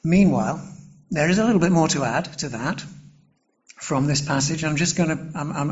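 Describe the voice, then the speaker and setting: A male preacher with a slightly high voice delivers a sermon in a measured, earnest way. He pauses often and restarts phrases as he works through the passage. The recording sounds dull and lo-fi. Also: darkish tone.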